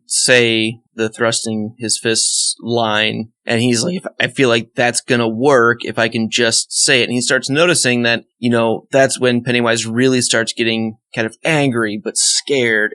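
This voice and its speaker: A man co-hosting a podcast as a first-time reader, chatting casually, animated, laughing often and acting out quoted lines with some swearing. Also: medium pitch.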